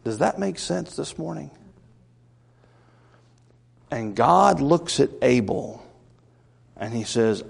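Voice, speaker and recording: A man's voice: mid-range voice, expressive, slow, vocal fry, long pauses, slightly rough. A man preaching a sermon in a church, talking in a folksy, conversational way and putting questions to his congregation. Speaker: pastor. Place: church sanctuary. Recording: long church-hall reverb.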